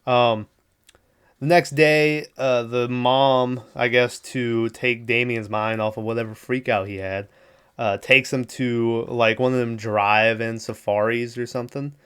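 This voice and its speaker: An unhurried male podcast host, his voice mid-range, a bit bright and clean with fairly even intonation, rambles through a film's plot. It's a profane, casual solo recap where he acts out the characters' dialogue.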